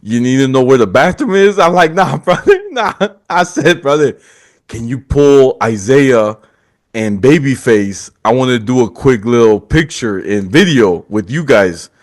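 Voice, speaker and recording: A man's voice: mid-range voice, animated, a little slow. A young man hosting a podcast, telling a story casually, acting out quotes and often laughing. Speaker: podcast host.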